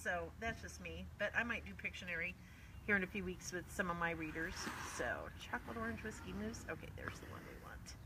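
A woman's voice: lowish voice, brisk, background noise. A woman author hosting a casual live-stream chat from her home, chatty and greeting viewers by name. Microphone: phone or laptop streaming live.

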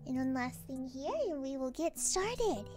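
Bubbly, very high-voiced woman streamer. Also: unhurried, over music. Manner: bubbly, excitable, rambling with exclamations. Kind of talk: casual livestream chat while gaming.

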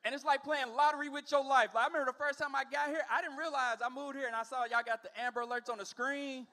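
A man's voice: extremely high pitch, steady tone, fast talker, bright, forceful tone. A man in his forties performing a stand-up comedy set on a comedy club stage, telling stories animatedly and acting out other people's voices. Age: 40s.

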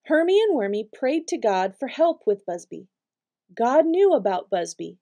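A woman reading a picture book aloud to preschool children, with expressive storytelling. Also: on the high side, normal speed. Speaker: storytime reader.

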